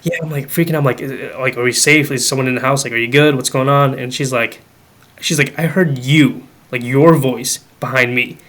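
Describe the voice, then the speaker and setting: A man's voice: medium pitch, brisk. Young man telling a ghost story. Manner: animated, acts out quoted dialogue; many fillers like "like" and "um". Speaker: podcast guest. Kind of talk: casual storytelling.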